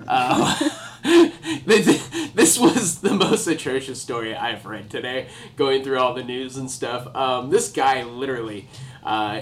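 Rambling male podcast co-host, music behind. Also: mid-range voice. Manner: rambling, laughs easily. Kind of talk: casual chat and news storytelling. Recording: music playing under the talk.

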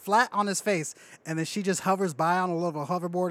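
A man co-hosting a casual chat, animated, acting out movie lines. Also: sits high, fast talker. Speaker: podcast co-host.

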